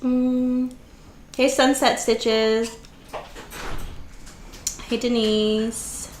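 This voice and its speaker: A woman's voice: on the high side, level tone, drawn-out words, slight background noise. A woman hosting a casual live stream, chatting easily, greeting viewers by name and laughing often. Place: home craft room. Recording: roomy echo.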